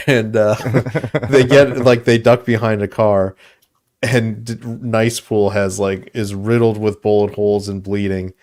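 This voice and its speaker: A man's voice: fairly low pitch, level tone, slow pace, a little mellow. A man co-hosting a podcast, retelling movie scenes in a rambling, enthusiastic way with fillers. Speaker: podcast co-host. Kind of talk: casual movie review chat.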